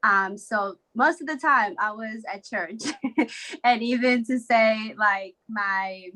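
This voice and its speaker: Young woman from South Africa as a guest, bright forward tone, relaxed and chatty. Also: fairly high pitch, takes it slowly, slight background noise, poor audio. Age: young adult. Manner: chatty, with fillers and laughs. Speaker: podcast guest. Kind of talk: casual interview.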